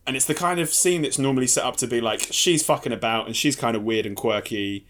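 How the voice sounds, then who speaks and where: Male podcast co-host, chatty and meandering, average pitch. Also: a bit bright. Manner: rambling, halting restarts, laughs a lot. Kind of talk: casual film-review chat.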